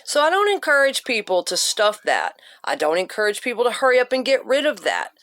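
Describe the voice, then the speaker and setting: A woman's voice: fairly high pitch, sing-song, brisk, a bit bright. A woman vlogger giving blunt self-help advice in an emphatic, profane rant with punchy repetition.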